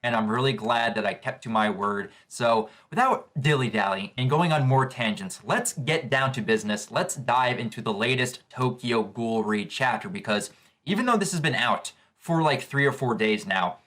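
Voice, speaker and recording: Casting: male reaction vlogger with a bright, forward tone, describing comic pages aloud. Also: medium pitch, expressive, normal speed. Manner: eager, describes panels as he reads. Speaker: manga reaction channel host. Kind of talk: live manga reading reaction.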